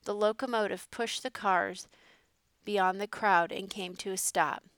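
Smooth, dry-voiced woman reading a story. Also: medium pitch, fairly even intonation, measured pace, fairly bright tone, no echo. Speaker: narrator. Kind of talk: storybook narration.

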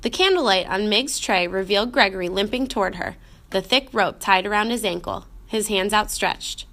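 A woman narrating a children's storybook in a clear, expressive way. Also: medium pitch, moderate pace. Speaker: audiobook narrator.

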